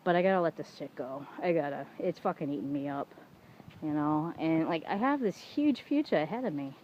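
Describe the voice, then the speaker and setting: A woman's voice: low voice, expressive, brisk. A middle-aged woman talking casually to the camera, venting frankly with lots of swearing and "you know"s, and acting out the arguments she quotes. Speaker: vlogger. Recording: dull lo-fi home recording with faint room noise.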